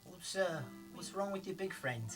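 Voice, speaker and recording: Animated player voice, person. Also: mid-range voice, normal speed, music in the background. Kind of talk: playing a tabletop game.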